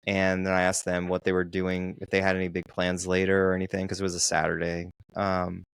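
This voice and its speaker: A man co-hosting a casual podcast, telling stories slowly and deliberately with frequent restarts. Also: low voice, monotone, gravelly, clean tone, dry recording, clean studio sound. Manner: slow, deliberate storytelling with restarts. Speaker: podcast co-host, dating coach.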